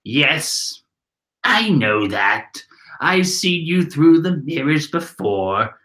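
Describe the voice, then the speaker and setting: A man's voice: on the high side, sing-song, very slow, pushed and bright, full character voice. A man voicing a sly, knowing woman. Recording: roomy echoey room.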